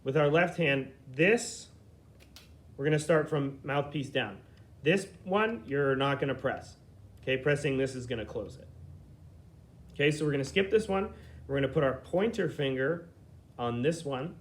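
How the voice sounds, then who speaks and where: A man's voice: mid-range voice, animated. Patient man teaching flute basics. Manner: patient, explains slowly, checks in with frequent "okay?". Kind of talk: step-by-step instrument lesson.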